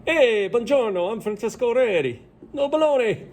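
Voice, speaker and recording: Comic bit: a man doing a boastful old Italian scientist in a bad Italian accent, pitched up high. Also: expressive, normal speed, slight background noise. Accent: bad put-on Italian. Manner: loud and exaggerated.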